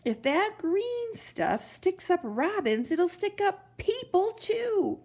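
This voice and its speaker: A woman's voice: very high voice, very animated, slow, a little mellow, pitched above the performer's own voice, exaggerated voice. A woman voicing a nervous, fretful man who rings the bells, gasping in a storybook reading. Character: fretful nervous male bell ringer.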